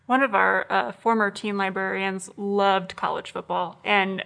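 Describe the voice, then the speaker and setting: A woman's voice: mid-range voice, fairly even intonation, unhurried, creaky, a bit bright. A woman joining an interview, reflecting and explaining her point thoughtfully. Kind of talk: conversational interview.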